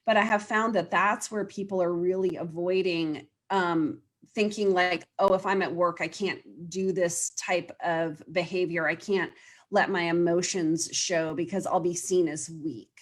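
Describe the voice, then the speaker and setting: Woman guest coach, low-ish pitch, earnest and chatty. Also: fairly even intonation, measured pace. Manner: earnest, explains with quoted client voices. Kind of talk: casual interview conversation.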